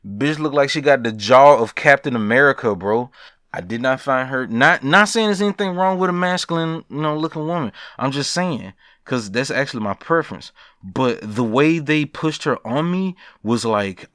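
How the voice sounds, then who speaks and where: A young man hosting a casual podcast, ranting about games with profanity, laughing asides and big animated swings. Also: medium pitch, moderate pace, dry recording, clean studio sound. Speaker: podcast host. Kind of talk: casual gaming news rant.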